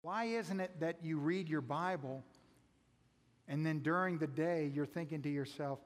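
A man, a pastor, preaching a sermon, putting many questions to his listeners and moving between raised emphasis and soft asides. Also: fairly high pitch, moderate pace. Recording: long reverb of a large hall.

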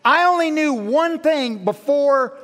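A male pastor with a high voice for a man, preaching in a lively, self-mocking storytelling manner. His words carry a long reverb that fills the church sanctuary. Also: slow pace. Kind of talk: sermon.

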